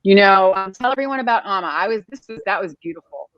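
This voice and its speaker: A woman's voice: mid-range voice, lively intonation, quick pace, no echo. Earnest woman host, dry and muffled lo-fi recording. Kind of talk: casual interview chat.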